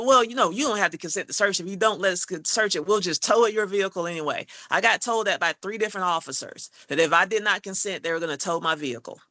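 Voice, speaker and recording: A woman's voice: fairly low pitch, pushed and bright, no room sound. A woman from Georgia, earnestly recounting a personal ordeal in conversation and often checking in with the listener. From Georgia, USA. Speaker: guest telling her story.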